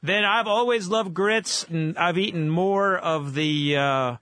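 A man from Oklahoma, a guest in an interview, telling stories in a casual, animated way with many fillers. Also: high-pitched, takes it slowly, smooth, no echo. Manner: animated storyteller, lively with fillers. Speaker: guest, whiskey author.

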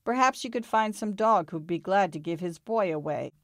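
Woman voicing motherly dog, patient, soothing, storybook, low-ish. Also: lively intonation, normal speed, no echo, studio quality. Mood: gentle. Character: gentle motherly female dog.

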